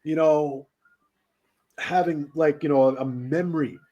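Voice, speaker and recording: A man's voice: a little high, a little slow, dull audio. A man who hosts a radio show, telling casual stories in an interview with lots of laughs and swearing. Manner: animated, laughing, swearing storyteller. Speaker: radio host being interviewed.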